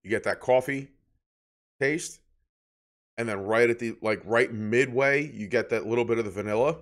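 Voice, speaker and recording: A man's voice: mid-range voice, moderate pace. A man co-hosting a casual beer review podcast, rambling through tasting descriptions. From New Jersey. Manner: relaxed, rambling descriptions with filler words. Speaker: podcast co-host.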